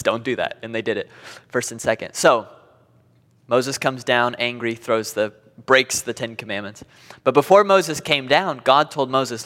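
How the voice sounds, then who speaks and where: A man teaching a Bible class lesson, animated, reading scripture aloud with dramatic emphasis and small laughs. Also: mid-range voice. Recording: long reverb of a hall.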